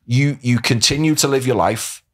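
A man's voice: mid-range voice, moderate pace, a bit bright. A man who works as a coach, talking with enthusiasm in a casual podcast chat and agreeing often. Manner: enthusiastic, agreeable, with frequent yeahs.

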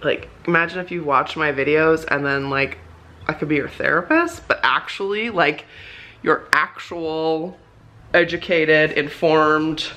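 A woman's voice: low voice, steady tone, unhurried, bright, forceful tone. A young woman vlogging casually from her home office, chatty and emotional, with lots of "like" fillers. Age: young adult. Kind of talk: casual vlog chat. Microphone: handheld camera.

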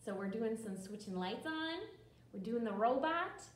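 A young woman librarian leading a children's storytime, talking slowly and encouragingly to kids at home. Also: on the high side, lively intonation. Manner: slow, bright and encouraging, talks to children at home. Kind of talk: children's storytime with action songs. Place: library room. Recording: roomy echo from a distant camera.

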